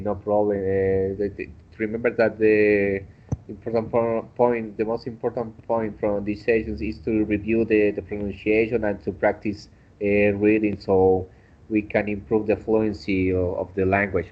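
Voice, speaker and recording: A man's voice: lowish voice, little pitch movement, normal speed, narrow, tinny audio. A man teaching an online English class, patiently correcting pronunciation with frequent hesitations.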